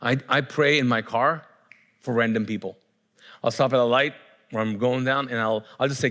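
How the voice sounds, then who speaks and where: A man's voice: medium pitch, steady tone, fairly quick, fairly bright tone. A male pastor preaching a sermon in a conversational way, often restarting his sentences and building up fervor.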